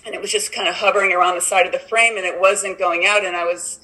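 Woman, recovery meeting share, rambling, filler-heavy, bright tone, video call. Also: mid-range voice, steady tone, fast talker, rough recording. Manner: rambling, many "like" and "you know" fillers, laughs often. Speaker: meeting member sharing.

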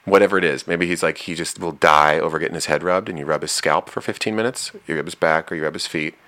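A man with an extremely low, deep voice and a bright, forceful edge gives casual relationship advice. He speaks, blunt and frank, never softening what he means. It comes across as a plainspoken host sharing hard-earned opinions. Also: fast.

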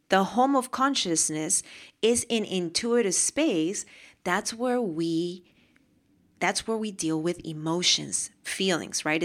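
A woman hosting a motivational podcast, talking casually and emphatically and repeating phrases for emphasis. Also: mid-range voice. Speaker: podcast host.

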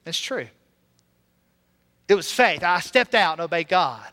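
With a high, sing-song, sharp voice at a measured pace, an Alabama pastor delivers a sermon in a church sanctuary. His earnest personal storytelling is broken up by sung passages, and the sound carries hall reverb.

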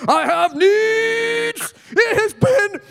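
A man voicing a pushy, needy husband who whines loudly in drawn-out shouts. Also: extremely high pitch, vocal fry, big-room sound, voice pushed up, heavily acted. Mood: whiny shouting. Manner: loud strained whining, drawn-out shouting.

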